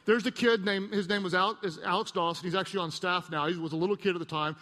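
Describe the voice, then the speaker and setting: A middle-aged man preaches from a church stage, his voice sitting high and ringing bright. He tells stories with lively, acted-out voices and gently mocks himself. The big hall carries a long reverb behind him. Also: fast talker. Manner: animated storyteller, acts out voices and mocks himself. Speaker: pastor. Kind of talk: sermon.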